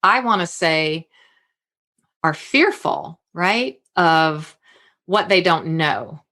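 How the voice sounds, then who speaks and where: Low-voiced animated woman host. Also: drawn-out words. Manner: animated, self-interrupting, restarts sentences. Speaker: podcast host. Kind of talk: conversational interview.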